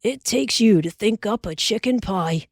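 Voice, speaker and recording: A woman's voice: mid-range voice, measured pace, no room sound, studio quality. A woman reading a hearty frontier father. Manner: hearty and reassuring. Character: Pa, a cheerful, steady frontier father.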